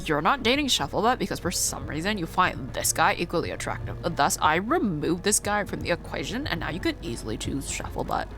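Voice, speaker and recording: A woman's voice: lowish voice, very animated, fairly quick, hardly any pauses, music in the background. A woman voicing a smug, theatrical robot replicator villain who mocks and shows off. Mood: condescending. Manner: mocking, showy, condescending.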